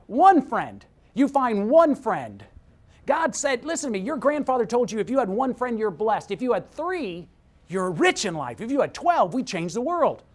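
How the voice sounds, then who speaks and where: Man, motivational speaker, keynote talk, animated swooping pitch, energetic, punchy, repeats lines for emphasis.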